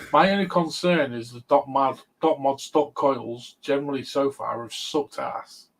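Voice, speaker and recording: A laid-back man hosting a relaxed chat show, talking at an ordinary pitch. He keeps it chatty and breaks into easy laughs as he goes. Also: a little slow, vocal fry, rough recording. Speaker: host. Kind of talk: casual chat.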